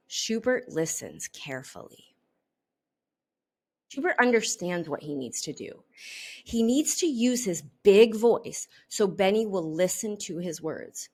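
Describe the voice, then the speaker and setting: A woman reading a children's storybook aloud in an expressive, unhurried way. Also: medium pitch. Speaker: storybook reader.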